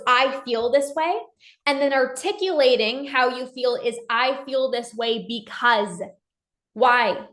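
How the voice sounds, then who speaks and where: Woman, life coach, high voice, emphatic talk, echoey room. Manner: emphatic, acts out little dialogues in her own voice. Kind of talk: motivational talk on communication.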